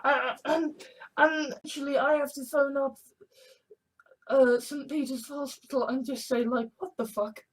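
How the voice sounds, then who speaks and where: A woman's voice: high-pitched, flat delivery, measured pace, low-quality recording. A woman talking in a casual, profane, exclamatory rant. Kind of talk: casual ranting monologue.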